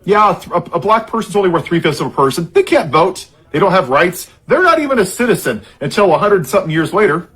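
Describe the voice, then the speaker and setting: Man, political rant, angry, biting sarcasm, slightly high husky voice. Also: sing-song, fast talker, hardly any pauses, fairly bright tone. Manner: angry and sarcastic, heavy irony. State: frustrated, worked up.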